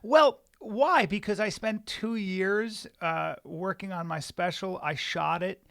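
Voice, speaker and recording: A middle-aged man co-hosts a podcast in a studio, his voice sitting high with a gravelly edge. He talks candidly in meandering, hesitant runs full of restarts. The sound is dry and close. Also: slow pace, a bit bright, no echo. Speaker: podcast co-host, stand-up comedian. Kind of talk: casual podcast chat.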